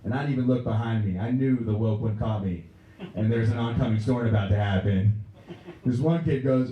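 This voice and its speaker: A young man from Pennsylvania doing a stand-up routine in a Pennsylvania accent, telling stories deadpan and breaking into raised voices for other people. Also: mid-range voice, fairly quick, distant mic, highs cut off. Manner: deadpan storytelling, acts out characters in raised voices. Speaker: stand-up comedian. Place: movie theater stage. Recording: echoey room.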